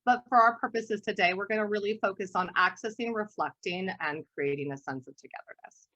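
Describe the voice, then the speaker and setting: A woman art therapist giving an online workshop talk, telling stories in an animated way and often laughing. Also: mid-range voice, fairly quick, dull audio. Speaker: guest art therapist presenter.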